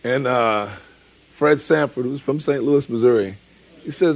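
A man's voice: mid-range voice, unhurried, gravelly. A man in his forties preaching a sermon in a conversational, emphatic way, repeating key phrases. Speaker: pastor.

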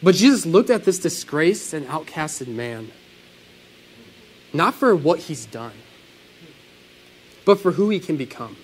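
Pastor, male. Earnest sermon delivery, high and very lively pitch. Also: measured pace, long pauses, breathy edge, low-quality recording. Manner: animated, earnest preaching with sudden swells and drops.

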